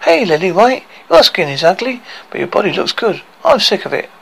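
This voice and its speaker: A man putting on shrill furious Lily White. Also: big pitch swings, normal speed, gravelly, breathy edge, exaggerated voice, rough recording. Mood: exasperated. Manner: shrill yelling, exasperated complaining. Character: fed-up young woman, shrill and indignant.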